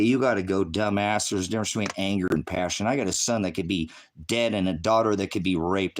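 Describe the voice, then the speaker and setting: An American man running a ministry live stream, delivering a profane, combative rant at his chat, swinging between low mutters and loud outbursts.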